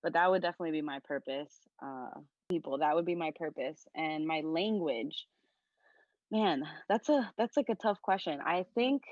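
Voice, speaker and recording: A young woman, a content creator appearing as a podcast guest, talks casually in an earnest, heartfelt way and leans heavily on "like." Her voice sits low with a darkish tone at a moderate pace, recorded dull and lo-fi with no room sound.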